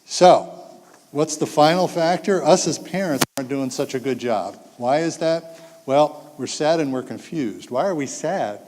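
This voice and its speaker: A man's voice: medium pitch, moderate pace, slight background noise. A man in his sixties speaking to an audience of parents, telling stories with acted-out quotes and jokes. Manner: animated storytelling, acts out quotes, jokes with the audience. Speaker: speaker giving a talk to parents. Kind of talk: public talk to an audience. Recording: long hall reverb.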